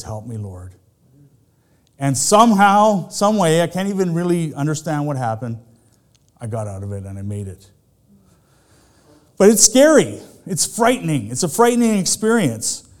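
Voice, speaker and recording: Preaching in a conversational style, a middle-aged male pastor poses one rhetorical question after another to the congregation. His voice sits on the high side with a darkish tone.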